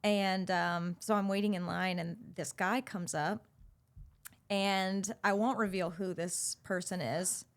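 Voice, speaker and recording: A woman in her thirties, a podcast guest, telling a story in an animated, bubbly way and swearing freely. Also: medium pitch, slow pace. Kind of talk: casual storytelling chat.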